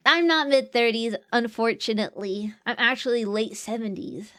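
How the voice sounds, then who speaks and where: High-voiced playful young woman streamer. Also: normal speed, a bit bright. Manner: playful, jokey, laughs often. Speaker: VTuber streamer. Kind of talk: casual chat reading viewer comments.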